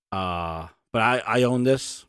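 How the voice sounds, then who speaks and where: A man doing a comedic impression of a middle-aged male executive playing a TV weatherman, contrite and halting with many ums and uhs. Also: lowish voice, a bit bright, clear, resonant tone, dry recording, clean studio sound, voice pushed down, full character voice.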